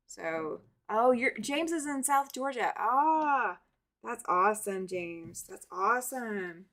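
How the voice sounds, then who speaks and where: A woman's voice: mid-range voice, a bit bright. A woman hosting a quilting live stream, chatting casually and greeting viewers by name. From American South. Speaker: quilting livestream host.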